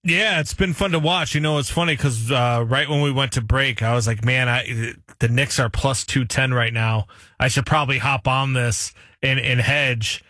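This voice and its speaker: A man's voice: mid-range voice, normal speed, no echo, studio quality. A man who produces a sports talk show, chatting casually with the host about the game. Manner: relaxed, conversational, easygoing.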